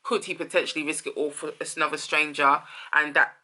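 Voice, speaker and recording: Musing woman with bright voice. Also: low-pitched, little pitch movement, brisk. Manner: musing, thinks aloud, rephrases and trails off. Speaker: host. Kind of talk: casual song commentary.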